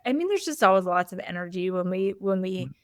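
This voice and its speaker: A woman's voice: on the low side, animated, brisk, clear, resonant tone, no room sound, studio quality. A woman hosting a conversation, telling a candid personal story in a loose, open way with frequent "like" and "you know" fillers. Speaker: host.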